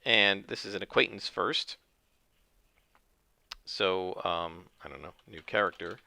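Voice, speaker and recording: A man's voice: low-pitched, measured pace, vocal fry, sharp tone, no echo. A man narrating his solo tabletop game, thinking aloud with many fillers.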